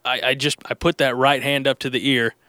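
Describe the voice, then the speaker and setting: Bright, crisp-voiced male host. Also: mid-range voice, level tone, fairly quick, no room sound, clean studio sound. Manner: chatty, joking, rambling with restarts. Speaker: radio host. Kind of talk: casual recorded chat. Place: studio alone, headphones. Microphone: studio mic with headphones.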